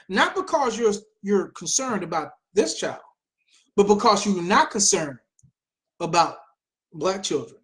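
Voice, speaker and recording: Animated sarcastic American male host. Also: sits high, moderate pace, pauses often. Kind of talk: opinionated commentary show.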